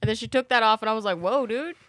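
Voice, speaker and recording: A woman's voice: fairly high pitch, fairly even intonation, a bit bright, smooth, no echo, studio quality. Giggly, wisecracking female co-host. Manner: laughs often, quick profane quips. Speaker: podcast co-host. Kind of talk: casual movie recap chat.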